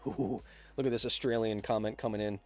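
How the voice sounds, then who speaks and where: A man's voice: fairly low pitch, steady tone, brisk, darkish tone, soft background music. A man in his thirties hosting a casual livestream podcast, chatting loosely and jokingly reading viewer messages aloud. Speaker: podcast host reading live chat.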